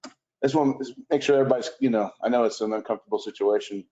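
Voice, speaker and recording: A man advising a city commission, hesitant with many pauses, in a city hall commission room. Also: mid-range voice, dark tone. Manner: hesitant, many ums and restarts. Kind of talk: public meeting discussion. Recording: muffled lo-fi meeting recording.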